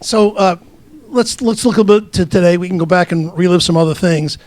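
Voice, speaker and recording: A man emceeing a luncheon sports panel, asking questions in a halting way with frequent restarts. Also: high-pitched, darkish tone. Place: luncheon event.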